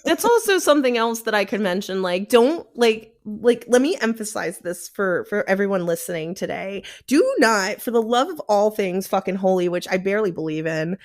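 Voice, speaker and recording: A woman with a mid-range voice talks casually as a podcast guest. She is a paranormal investigator, animated and loose, swearing freely and slipping into voices when she quotes people. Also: medium pitch, moderate pace, few pauses.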